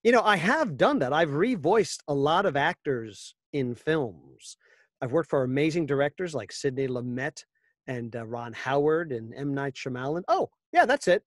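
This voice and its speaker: A middle-aged man talks about his work as an interview guest. His voice sits a little high for a man and carries a wry, joking edge as he tells one anecdote after another. The sound is dry and close, with no room in it. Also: sing-song, moderate pace, dry recording. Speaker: voice actor guest. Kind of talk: casual interview.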